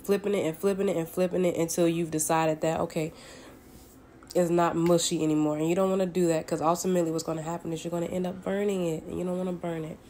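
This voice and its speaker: A Southern woman with a fairly low voice, talking her viewers through breakfast at her own stove. Her chat is folksy and loose, peppered with endearments, and a faint hum of household ambience sits behind her. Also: flat delivery, quick pace, dark tone. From Southern United States. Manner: folksy and chatty, calls viewers honey and baby. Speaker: home cook. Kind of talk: casual cooking tutorial chat. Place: home kitchen at the stove.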